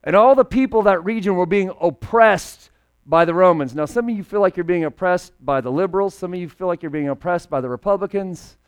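Pastor, male, fairly high voice, smooth and clear, animated joking delivery. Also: brisk. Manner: conversational, jokey, animated preaching. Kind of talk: casual, humorous sermon.

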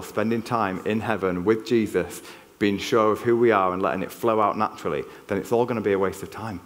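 A man with a Yorkshire accent preaching a church sermon in an earnest, conversational way, often restarting his sentences. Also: fairly low pitch. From Yorkshire, England. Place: church hall. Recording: long reverb of a church hall.

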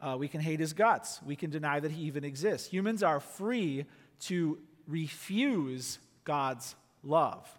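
A man preaching a sermon in an earnest, emphatic way, often dropping to a quiet, intense tone. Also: fairly high pitch, lively intonation, measured pace, in a large hall. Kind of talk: sermon teaching.

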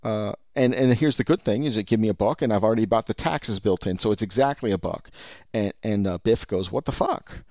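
A man's voice: lowish voice, a little fast, mellow, dry recording, clean studio sound. A man giving ranting commentary on the vape business, rambling and profane with many restarts.

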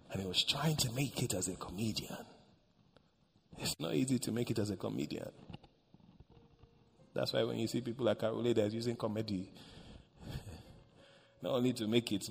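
Dramatic preacher with a gravelly voice. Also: male voice, on the low side, in a large hall, slight background noise. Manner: dramatic preacher, swings from loud cries to hushed whispers. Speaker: pastor. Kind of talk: sermon.

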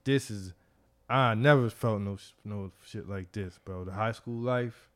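A middle-aged man hosting a podcast, telling stories in a loose, profane, animated way with frequent laughter. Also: lowish voice, a little slow. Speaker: podcast host. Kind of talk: casual chat.

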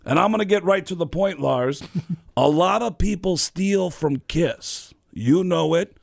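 A man's voice: high-pitched, measured pace, gravelly, dry recording, studio quality, voice pushed up, exaggerated voice. A man impersonating a boastful middle-aged rock star who talks bluntly and with great self-assurance.

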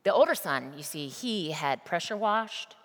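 A woman's voice: lowish voice, lively intonation, unhurried. A woman preacher giving a sermon, telling a story emphatically and addressing the congregation directly. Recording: long reverb of a large hall.

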